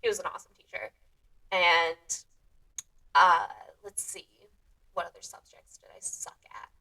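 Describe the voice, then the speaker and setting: A woman's voice: fairly low pitch, very animated, a little slow, bright, forceful tone. A woman hosting her own podcast, chatting casually and self-deprecatingly, often laughing at herself. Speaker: podcast host. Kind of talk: casual solo chat. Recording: voice a bit distant from the mic.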